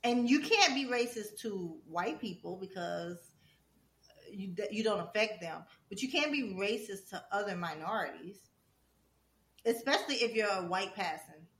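A young woman tells stories in a lively, casual way. She acts out the people she quotes as she goes. Her voice is mid-pitched and rings in a roomy space. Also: normal speed, slight background noise. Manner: animated storytelling, acting out quoted people. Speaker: podcast co-host. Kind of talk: casual chat.

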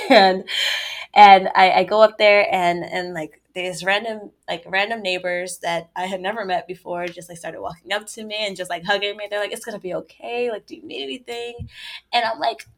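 A young woman telling a story in a casual, chatty way, with quick asides and laughs between lines. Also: mid-range voice, steady tone, a bit bright.

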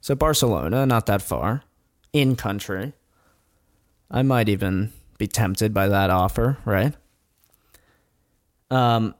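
A man's voice: fairly low pitch, takes it slowly, long pauses, no echo, studio quality. A man telling a true story in casual chat as host, rambling with chuckles and blunt asides.

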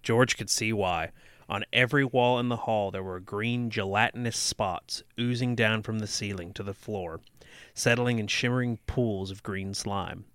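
A man's voice: fairly low pitch, fairly even intonation, moderate pace, a bit bright, clean tone, dry recording, clean studio sound. A man co-hosting a podcast, reading a horror book aloud and breaking off to joke and tease. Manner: joking, teasing, mock-dramatic quoting. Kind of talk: casual reading and banter.

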